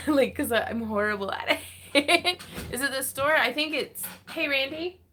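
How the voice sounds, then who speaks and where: A woman's voice: high-pitched, a little slow, bright, forceful tone, slight background noise. A woman hosting a casual crafting livestream, chatty and greeting viewers by name, laughing often. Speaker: livestream host.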